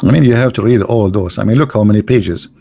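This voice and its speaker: A man giving combative religious commentary while reading from texts, mocking and arguing, often pausing with fillers as he hunts for pages. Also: lowish voice, vocal fry, warm tone, no room sound. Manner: mocking, insulting and argumentative; halting, with many fillers while searching pages.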